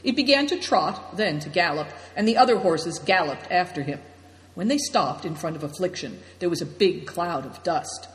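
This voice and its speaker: A narrator reading an adventure story aloud, with lively, expressive storytelling. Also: mid-range voice, normal speed. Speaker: audiobook narrator. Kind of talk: scripted narration. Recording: roomy echo with long reverb.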